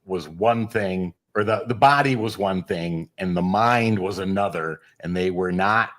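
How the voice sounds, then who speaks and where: A man as a guest researcher, explaining at length in a measured, lecturing way. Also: sits low. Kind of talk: explanatory interview talk.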